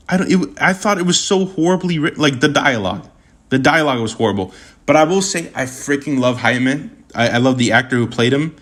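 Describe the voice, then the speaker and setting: A young man talks loosely to his stream chat in an average-pitched voice. He rambles and gets animated, stumbling over his words and restarting his sentences often. He peppers his talk with casual slang. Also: fairly quick. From Puerto Rican heritage.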